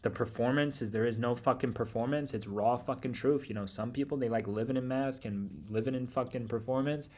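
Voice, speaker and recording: A man's voice: medium pitch, a little fast, few pauses, a little mellow. A young man delivers a fired-up, profane monologue, circling back to the same points again and again. His talk is intense and loose, packed with swearing and filler. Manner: intense, swearing constantly, repetitive. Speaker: trading channel host. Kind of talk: profane motivational rant.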